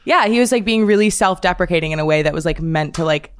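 Thoughtful woman with a lowish voice. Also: fast talker, no room sound, clean studio sound. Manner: thoughtful, hedging with "like". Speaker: podcast guest. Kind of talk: casual chat.

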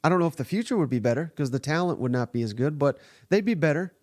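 A man's voice: fairly high pitch, animated, fast, a little mellow, dry recording, studio quality. Blunt, exasperated male podcast host. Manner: blunt, exasperated, profane commentary. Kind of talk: live sports reaction podcast.

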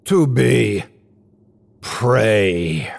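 A man voicing a hoarse, taunting male monster in a horror audiobook, hissing in slow, halting, clipped phrases. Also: lowish voice, sing-song, a little mellow, full character voice. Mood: menacing taunt. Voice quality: hoarse, rasping wheeze.

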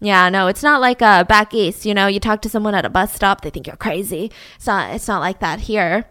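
A woman's voice: mid-range voice, fairly quick, pushed and bright, clear, resonant tone, no room sound, clean studio sound, natural voice. A woman voicing a young man who chats up a stranger in an eager, friendly way, with stammers. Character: smooth-talking young man charming a stranger.

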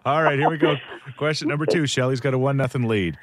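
A man's voice: medium pitch, fast, no echo. A man co-hosting a radio podcast, chatting casually and running a call-in quiz game, playful and often laughing.

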